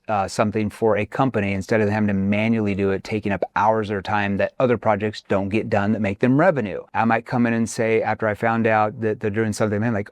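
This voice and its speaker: A man's voice: fairly low pitch, no room sound. A man teaching sales who acts out questions in different tones to show how they come across, played from a video. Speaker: sales trainer. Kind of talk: instructional sales talk. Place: reacted video clip.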